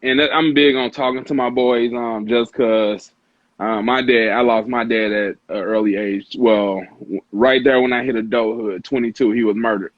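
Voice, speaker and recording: A man's voice: medium pitch, fairly even intonation, moderate pace, no echo. A man in his thirties, co-hosting a casual chat on a video call, earnest and laid-back. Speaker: podcast co-host. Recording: dry, dull lo-fi audio.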